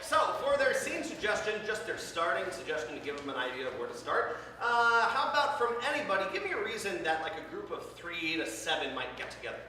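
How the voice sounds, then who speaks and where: A man's voice: high voice, sing-song, brisk, hardly any pauses. A man hosting a live improv comedy show, upbeat, explaining the game and repeating lines the audience calls out. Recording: echoey hall, far from mic, noisy.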